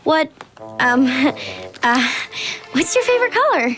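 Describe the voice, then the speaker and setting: A woman's voice: sits high, sing-song, slow, a bit bright, faint music behind, heavily acted. An actress playing a polite, anxious young assistant who hesitates when she is unsure, in a children's radio drama. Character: nervous, dutiful young woman assistant.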